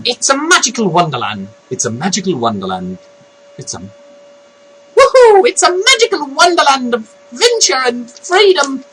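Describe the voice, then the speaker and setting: A man putting on a squeaky mock-Irish rainbow sprite. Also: huge pitch swings, normal speed, a bit bright, a little hiss or hum, full character voice, rough recording. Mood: gleeful taunting. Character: cheery Irish-style male rainbow sprite.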